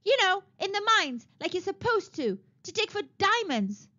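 A woman reading a storybook and voicing a dreamy, dramatic young princess in a high, theatrical voice, on a dull lo-fi recording. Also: sing-song, moderate pace, bright, forceful tone, exaggerated voice.

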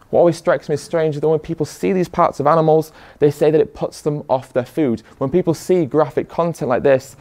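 A man's voice: medium pitch, gravelly, mellow. Man giving a rhetorical speech. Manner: rhetorical, questioning the audience. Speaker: activist speaker. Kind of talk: motivational speech to an audience.

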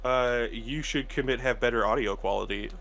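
A man's voice: medium pitch, moderate pace, creaky, a bit bright. A man in casual chat, teasing dryly and swearing casually. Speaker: co-host.

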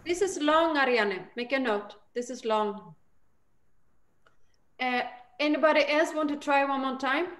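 A woman teaching a group chanting lesson over a video call, patient and encouraging, demonstrating each line slowly. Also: sits high, fairly bright tone, reverberant.

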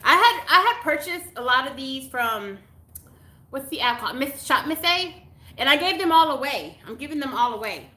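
Animated and chatty, a Texas woman unboxes mail for her YouTube audience in a casual live chat, gushing and gasping over every item. Her voice is bright and fairly high, her pace slow, her exclamations frequent, with laughter and an echoey room around her.

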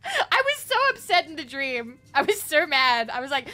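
A woman's voice: high-pitched, very animated, normal speed, few pauses, bright, forceful tone, faint music behind. A young woman from Australia chatting playfully with her chat while streaming a game, giggling often. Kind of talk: casual livestream chat while gaming.

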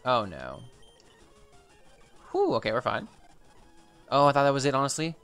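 A young man with a smooth, clear voice commentates his game stream in a steady stream of exasperated swearing and repeated exclamations. Soft background music sits faintly under his talk. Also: medium pitch, normal speed. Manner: frustrated, swearing, repetitive exclamations. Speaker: gaming streamer. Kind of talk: reactive gameplay commentary.

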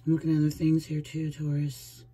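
A woman's voice: low-pitched, completely flat delivery, a little fast, mellow, slightly rough, rough recording. Chatty woman giving a tarot reading. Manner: chatty, speaks straight to the viewer, often laughs. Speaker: tarot reader. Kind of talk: casual tarot reading to camera.

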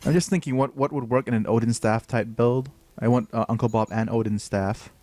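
A man hosting a game livestream, commentating as he plays, prone to excitable high-pitched outbursts and thinking aloud with many fillers. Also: a little fast. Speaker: livestream host playing a game. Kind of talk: live gameplay commentary.

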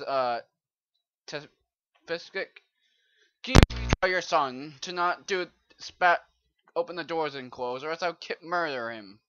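A fussy British-sounding man barks orders at villagers, his voice loud, lifted and bright, as a gamer puts him on. He swoops up and down as he scolds. The whole thing comes through a dull, lo-fi mic. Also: a little high, smooth, no echo, pitched above the performer's own voice, full character voice. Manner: loud, shouty, exaggerated scolding.

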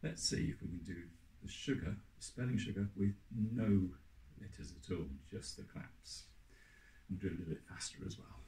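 A man's voice: low-pitched, moderate pace, dark tone. A man teaching an online music lesson to children, upbeat and encouraging, counting in and singing along. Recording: echoey room with faint noise.

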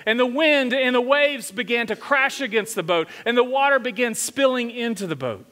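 High-voiced preaching man in a reverberant hall. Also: animated, moderate pace, sharp tone. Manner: conversational preaching, asks the congregation questions. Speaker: senior pastor. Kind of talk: sermon. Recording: long hall reverb from a church sanctuary.

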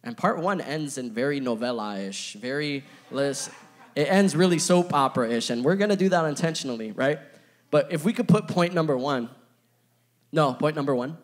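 A man's voice: fairly high pitch, expressive, normal speed. A young man giving a casual, playful youth sermon, chatting with his audience and filling his talk with asides. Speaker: youth pastor.

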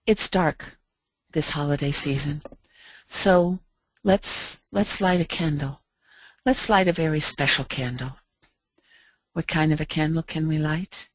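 A middle-aged American woman telling a heartfelt personal story in a gentle, slow, reflective way with soft pauses. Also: sits low, dry recording. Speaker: speaker.

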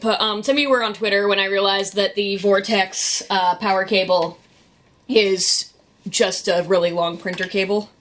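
A woman vlogging, telling a rambling story in a casual, animated way with sarcastic asides. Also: medium pitch, normal speed. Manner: animated, sarcastic asides, quotes people in voices.

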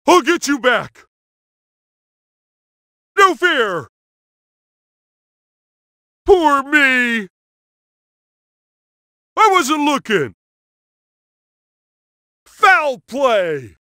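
An actor playing a dim, cheerful cartoon starfish who plays at being a superhero, with a goofy, childlike and emphatic way of talking. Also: male voice, very high voice, big pitch swings, drawn-out words, pauses often, bright, forceful tone, dry recording, clean studio sound, heavily acted. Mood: combative. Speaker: video game character. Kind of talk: cartoon game voice clips.

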